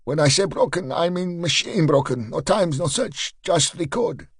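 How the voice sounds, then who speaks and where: A man's voice: on the high side, expressive, normal speed, breathy edge, no room sound, studio quality, voice pushed up. A man doing a nervous Eastern European shopkeeper. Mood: explaining. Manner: broken, protesting English. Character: nervous small shifty male shopkeeper.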